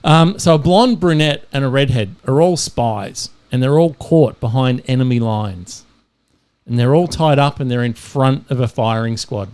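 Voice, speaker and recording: A man's voice: mid-range voice, normal speed, a little mellow, smooth. A man hosting a podcast, telling jokes animatedly and acting out the characters. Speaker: podcast host. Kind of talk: casual podcast joke telling.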